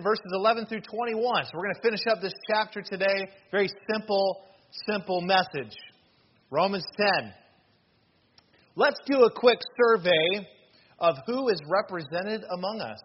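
Joking male pastor, dull lo-fi sound. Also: a little high. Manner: joking asides, polls the congregation. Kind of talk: sermon. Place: church hall. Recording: dull lo-fi sound with faint noise.

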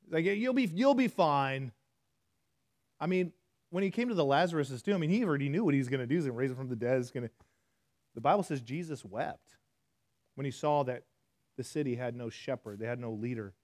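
A man preaching a sermon in a church, talking to the congregation conversationally, self-deprecating, swinging from hushed to loud. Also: mid-range voice, fast talker. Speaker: pastor.

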